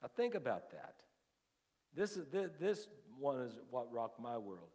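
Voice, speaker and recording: A male pastor preaching a sermon. His volume swings from hushed asides to loud, emphatic lines, and he often repeats and restarts his words. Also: mid-range voice, sing-song, unhurried. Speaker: lead pastor. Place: church sanctuary. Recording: long hall reverb.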